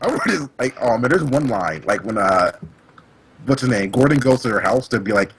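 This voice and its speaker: An excitable young man chats on a podcast and jumps from topic to topic. His pitch swings up and down a lot, and a faint hiss sits under the recording. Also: normal speed. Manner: excitable, jumps between topics, laughs often. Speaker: podcast co-host. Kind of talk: casual chat.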